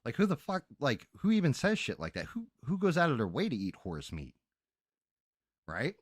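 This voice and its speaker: A man's voice: medium pitch, huge pitch swings, moderate pace, slightly rough, dry recording, studio quality. A man streaming on a headset mic, telling a story in a casual, profane, exasperated rant. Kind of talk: casual ranting stream chat.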